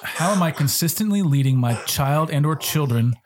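A man's voice: a little high, expressive, moderate pace, a crowd in the background. A middle-aged man co-hosting a casual faith-based parenting chat, earnest and a little preachy with joking asides. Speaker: podcast co-host.

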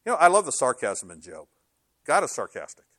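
A middle-aged male pastor preaching a sermon in an animated, conversational way, slipping into sarcastic quoted asides. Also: mid-range voice, brisk, no echo, studio quality.

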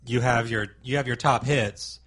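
A man co-hosting a casual music podcast, explaining things in a hesitant, low-key way. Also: fairly even intonation, normal speed, a crowd in the background. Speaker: podcast co-host.

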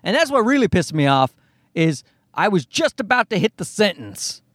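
A man's voice: high-pitched, big pitch swings, moderate pace, fairly bright tone, no echo, clean studio sound. A man, likely in his thirties, telling a comic story as a profane, exasperated rant.

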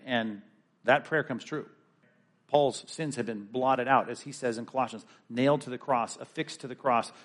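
A man, a pastor, preaching a sermon with animated storytelling. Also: mid-range voice.

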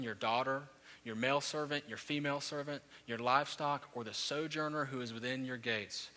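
A man in his thirties preaching a sermon, telling stories with rising, animated peaks. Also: mid-range voice. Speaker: pastor. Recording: long hall reverb.

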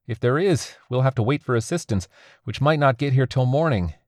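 A man voicing a worried but steady young man, reasoning and incredulous. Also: medium pitch, fairly quick, no echo, clean studio sound, voice pushed up, close to an everyday voice. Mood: calm.

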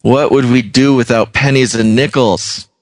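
A man co-hosting a talk show in casual comedic chat, joking and animated. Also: medium pitch, moderate pace, dry recording, clean studio sound. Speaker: podcast co-host.

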